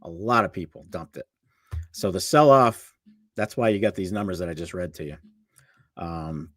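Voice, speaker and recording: A low-pitched man co-hosts a casual livestream, chatting with his partner and quickly calling out market prices. The studio-quality audio has no room sound.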